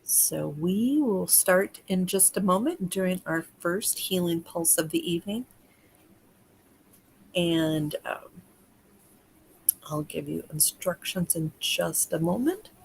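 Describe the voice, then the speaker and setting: A chatty American woman runs a casual livestream, greeting viewers by name and talking them through the session. Her voice sits a little low for a woman. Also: animated, slow, vocal fry, pauses often, a little hiss or hum. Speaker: energy healer hosting a livestream.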